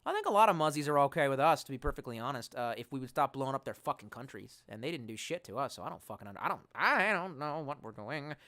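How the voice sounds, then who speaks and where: A man streaming live and reading his chat, animated and profane, swinging between loud outbursts and mumbled asides. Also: medium pitch, fast, hardly any pauses.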